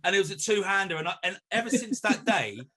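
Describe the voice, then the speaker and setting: Bright-voiced man telling stories. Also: high voice, very animated, quick pace. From North West London. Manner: chatty storyteller, laughs easily. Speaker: guest. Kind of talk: casual chat.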